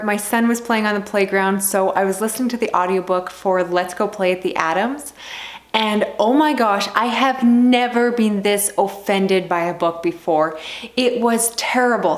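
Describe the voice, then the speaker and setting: A young woman vlogging about what she is reading, casual and animated, with strong reactions. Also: fairly high pitch, reverberant. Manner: animated, exasperated ranting. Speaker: book vlogger.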